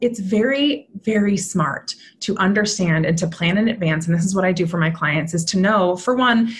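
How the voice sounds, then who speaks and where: A woman's voice: medium pitch, normal speed, slight background noise. A woman in her thirties, a mentor and podcast guest, explaining in an upbeat, chatty way and often checking in with "right?". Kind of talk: podcast conversation.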